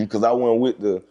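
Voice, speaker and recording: A man's voice: medium pitch, warm tone. A man, a guest telling stories in a casual interview, profane and laid-back, acting out the dialogue as he goes. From Atlanta, Georgia, USA. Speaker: guest, rapper and reality TV personality.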